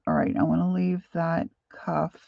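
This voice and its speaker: Slow gravelly older woman painting live. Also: on the low side, flat delivery, dry recording, lo-fi sound. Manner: chatty, rambling, reads viewer comments aloud. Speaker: painting instructor. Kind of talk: live painting stream chat.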